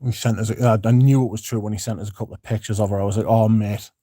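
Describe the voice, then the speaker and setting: Streamer, low-key rambling host reading chat, warm darker voice, dead-dry mic. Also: male voice, fairly even intonation, very fast, husky, dry recording. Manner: rambling, laid-back, swears freely. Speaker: livestream host. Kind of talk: casual livestream chat, reading comments.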